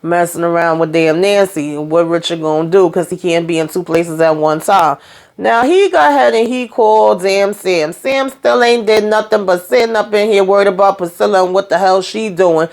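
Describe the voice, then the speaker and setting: A woman's voice: mid-range voice, darkish tone. A woman casually recapping a TV episode, chatty and colloquial, with fillers and mild cursing, acting out the characters' lines. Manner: acts out characters' lines in quick voices. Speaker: TV recap vlogger.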